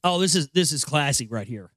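A man's voice: a little high, animated, a little fast, fairly bright tone, no room sound. A man hosting a show, reading out news stories and ranting about them in a profane, sarcastic, rambling way. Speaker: show host.

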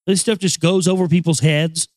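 A man's voice: a little high, fairly even intonation, normal speed, a little mellow, no room sound. A man hosting a show, ranting bluntly and sarcastically about the news with plenty of profanity, then reading aloud from a book. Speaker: show host.

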